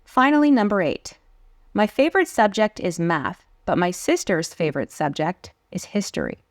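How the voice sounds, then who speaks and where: A woman teaching an online English lesson, explaining punctuation rules patiently and clearly and reading example sentences aloud. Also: medium pitch, very animated, normal speed, dry recording, studio quality.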